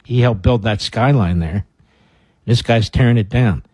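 A man's voice: fairly low pitch, unhurried, a little mellow, husky, dry recording. Sarcastic male talk radio host. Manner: sarcastic, combative, reads news aloud and rants.

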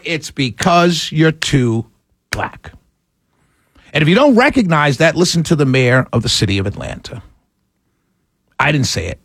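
A man's voice: on the high side, dry recording. A male talk show host giving a political commentary monologue, laughing often and slipping into a mock-preacher cadence.

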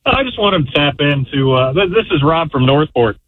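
A man calling into a radio show, delivering a joke deadpan and slowly. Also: a little high, no room sound. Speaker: caller. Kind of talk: phone-in joke. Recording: tinny phone line.

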